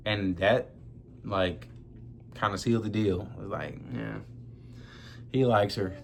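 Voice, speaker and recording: A man's voice: on the low side, fairly even intonation, slow, vocal fry, a little hiss or hum. A young man, grieving as he tells a personal story in loose, slangy talk, close to tears. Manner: loose, conversational slang, addresses viewers as y'all. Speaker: vlogger. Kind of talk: emotional personal storytelling to camera.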